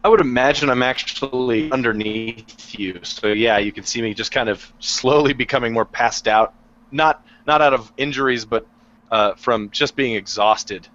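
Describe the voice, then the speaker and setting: A man telling his character's moments in a tabletop game, in slow, descriptive storytelling. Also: mid-range voice, a bit bright. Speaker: player. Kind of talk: tabletop role-play narration. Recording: dull lo-fi recording.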